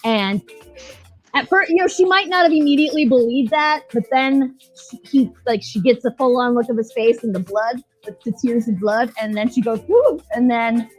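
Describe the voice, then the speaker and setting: Higher-voiced woman host swearing thru a show recap, faint music behind. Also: moderate pace, low-quality recording. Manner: blunt, profane, joking. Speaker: podcast co-host. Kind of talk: casual recap chat.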